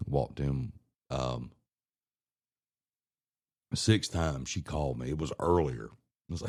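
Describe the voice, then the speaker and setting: A man's voice: extremely low pitch, animated, slow, long pauses, a little mellow, dry recording, studio quality. A man on a podcast telling a casual, profane family story, laughing and acting out what people said. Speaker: podcast co-host.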